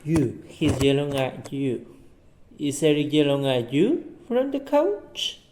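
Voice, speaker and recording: Slow, halting man. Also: fairly high pitch, very animated, a little mellow, a little hiss or hum. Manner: slow and halting, restarts phrases. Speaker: English learner. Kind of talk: answering practice questions and reading aloud.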